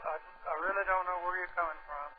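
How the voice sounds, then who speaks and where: A man's voice: high voice, steady tone, a little hiss or hum. Confused older man on the phone. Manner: halting, confused. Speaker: prank call target. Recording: tinny phone line.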